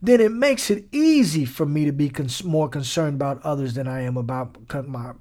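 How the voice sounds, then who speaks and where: A man's voice: on the high side, animated, moderate pace, warm tone. A man delivering a conversational sermon, casual and emphatic, repeating lines for effect and mixing in slang. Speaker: preacher.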